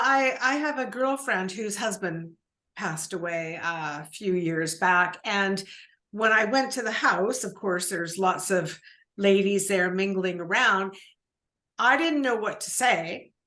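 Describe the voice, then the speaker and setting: A woman's voice: medium pitch, sharp tone. A woman hosting an interview, asking rambling questions with many restarts. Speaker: podcast host. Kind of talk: casual interview conversation.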